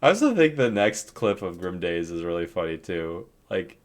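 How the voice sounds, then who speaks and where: Animated laughing man streamer. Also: deep voice, normal speed. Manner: animated storytelling, laughs often. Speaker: streamer reviewing game clips. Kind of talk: casual chat.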